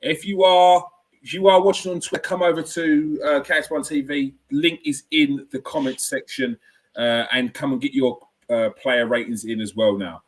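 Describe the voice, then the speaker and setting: A man's voice: medium pitch, steady tone, moderate pace. A man hosting a casual football reaction chat, talking in an opinionated, ranty way. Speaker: fan channel host.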